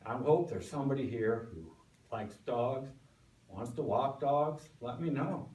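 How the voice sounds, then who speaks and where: A man's voice: medium pitch, expressive, unhurried, darkish tone. A man giving a folksy, storytelling speech to a club, recorded from a distance in a meeting room. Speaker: club speaker. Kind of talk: prepared speech. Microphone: distant room mic. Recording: echoey room from far off.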